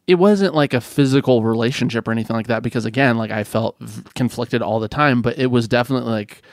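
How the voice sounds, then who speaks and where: Male guest, californian, gravelly fry, casual animated storytelling, dry close sound. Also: medium pitch, fast, no echo. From California, USA. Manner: animated storyteller, frequent restarts and "like". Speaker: podcast guest.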